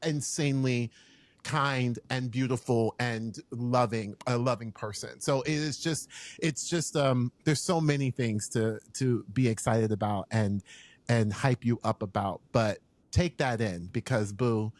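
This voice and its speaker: A man hosting a casual podcast interview, excitable and gushing, sometimes bursting into shouts. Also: medium pitch, unhurried, dry recording. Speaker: podcast host.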